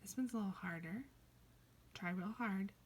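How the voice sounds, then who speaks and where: A woman teaching a kindergarten reading lesson, playful, slipping into high excited cries and soft whispers. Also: normal speed, breathy edge.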